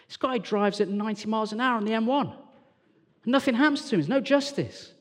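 A man from England preaches with a fairly high voice, swinging between bright, animated storytelling and low, hushed asides. His voice carries a long reverb from a church hall. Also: fairly quick. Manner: animated storytelling, acts out characters, drops to hushed tones. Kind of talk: lively sermon.

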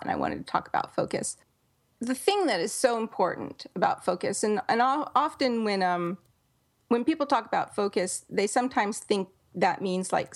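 A woman's voice: mid-range voice, creaky. A woman novelist hosting a casual podcast chat, thinking aloud and explaining her ideas with small restarts. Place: home in Dallas.

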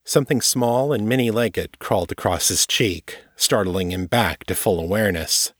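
A man reading his own novel aloud in steady, measured audiobook narration. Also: fairly low pitch, no echo, studio quality.

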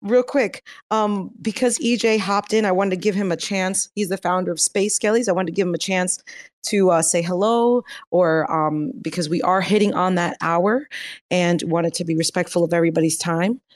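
A woman's voice: fairly low pitch, normal speed, no room sound, studio quality. A woman hosting an online audio show, politely moderating and welcoming guests. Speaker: host. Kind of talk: casual chat.

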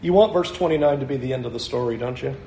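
A man preaching a sermon, animated, acting out the scene with small laughs. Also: medium pitch, quick pace, echoey room, slight background noise. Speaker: pastor.

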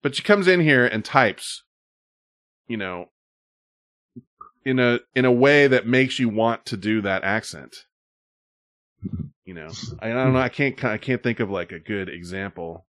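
A man's voice: mid-range voice, lively intonation, unhurried, long pauses, a bit bright, no echo, clean studio sound. A man co-hosting a stream in rambling, casual talk, swearing often, with loose asides and fillers. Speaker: stream co-host. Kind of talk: casual profane chat.

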